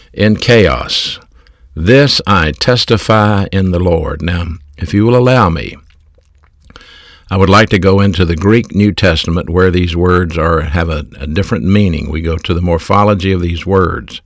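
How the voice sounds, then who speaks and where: A man preaching a verse-by-verse sermon, deliberately explaining the Greek meaning of words with measured emphasis. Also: low voice, no room sound, studio quality.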